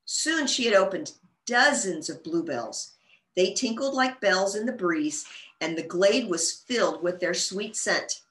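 Lively woman reading a children's story. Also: medium pitch, a little slow. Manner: gentle, expressive storytelling. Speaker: children's librarian. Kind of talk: storytime read-aloud. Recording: roomy echo.

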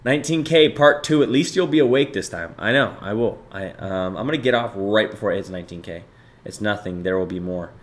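A man's voice: lowish voice, fairly quick. A young man in his twenties chatting casually and profanely with his stream viewers, bantering loosely and reading chat aloud.

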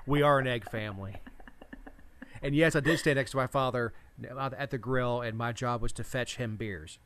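A man's voice: mid-range voice, moderate pace, fairly bright tone, a little hiss or hum. A man co-hosting a casual political talk show, speaking bluntly in a folksy way. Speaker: podcast co-host.

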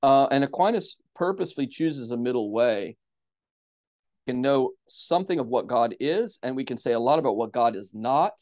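On a podcast, a theologian guest with a mid-pitched voice explains things in a steady, measured, lecturing cadence. His answers are long and carefully developed.

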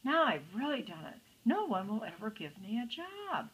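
A woman's voice: on the high side, very animated, normal speed, fairly bright tone, breathy edge, exaggerated voice, rough recording. A woman voicing a timid, sad little male circus mouse in a storybook reading, in a weepy, pleading way. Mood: dismayed.

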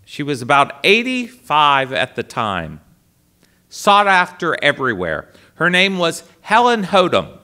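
A man who is a priest tells stories to an audience in a bright, ringing voice. His delivery is unhurried, and his pitch rises and falls freely. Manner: animated anecdotal storyteller. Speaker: priest, guest speaker. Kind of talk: storytelling talk to an audience.

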